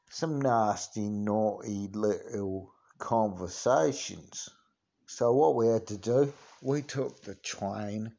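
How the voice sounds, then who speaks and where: A man's voice: on the low side, warm tone, highs cut off. A man doing a comic impression of a swaggering Cockney tough-guy geezer, rambling and sweary with endless filler phrases.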